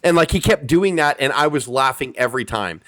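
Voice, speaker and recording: A podcast host with a medium-pitched, expressive voice reviews wrestling in casual, profane, emphatic chat, acting out quotes as he goes. He talks fairly quickly, and the audio sounds pushed and bright.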